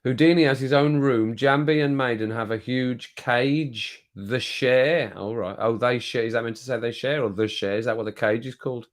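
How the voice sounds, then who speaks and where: A man's voice: medium pitch, fairly even intonation, moderate pace, few pauses. Chatty man hosting a live stream. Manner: chatty, reads viewer comments aloud and laughs often. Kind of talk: casual live-stream chat.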